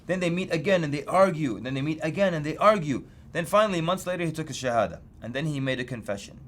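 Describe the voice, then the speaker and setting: Lively man telling teaching stories. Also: fast. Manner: lively storytelling, pitch jumps for emphasis. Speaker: Islamic preacher teaching street outreach. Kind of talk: story-led lecture.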